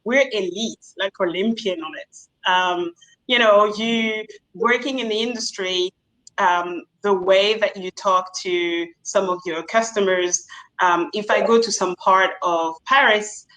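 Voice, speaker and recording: A woman bartender speaking frankly on a video-call panel, animated and laughing often, with many fillers. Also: medium pitch, unhurried, rough recording. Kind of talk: candid panel discussion.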